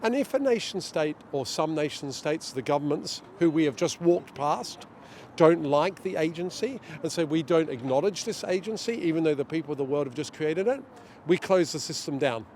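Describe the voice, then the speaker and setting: A middle-aged man being interviewed outdoors, talking in an animated way and acting out what others say. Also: fairly high pitch, moderate pace, a little hiss or hum. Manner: animated, storytelling, acts out quotes. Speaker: guest, director of a global governance group. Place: outdoors near a street demonstration.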